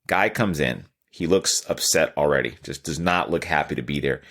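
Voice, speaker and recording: Guy in his 30s, really low voice, laid-back candid storytelling, pokes fun at himself. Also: normal speed, a bit bright. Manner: candid, self-deprecating, chuckles while telling stories. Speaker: podcast host. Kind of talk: casual storytelling.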